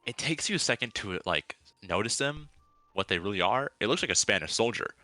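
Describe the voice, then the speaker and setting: Man, very deep voice, bright tone, laid-back game master, dry close sound. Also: expressive, a little fast, dry recording, soft background music. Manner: laid-back, swears casually. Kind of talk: narrating a tabletop game.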